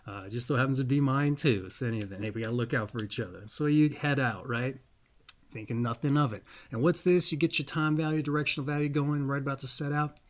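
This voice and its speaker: A man's voice: mid-range voice, fast. Rambling, folksy man host. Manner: rambling, folksy, repeats pet phrases. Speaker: astrology video host. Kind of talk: casual spoken monologue.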